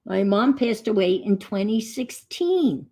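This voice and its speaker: A woman's voice: mid-range voice, sing-song, measured pace, warm tone, husky. A middle-aged woman chatting casually as she crafts on a stream, telling rambling stories. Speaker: crafting vlogger.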